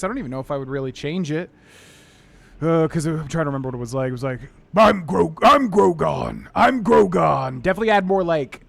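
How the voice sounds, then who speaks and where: Chatty male game streamer, slightly high voice. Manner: chatty and rambling, candid, tosses out quick gameplay tips. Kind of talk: casual live-stream chat and game commentary.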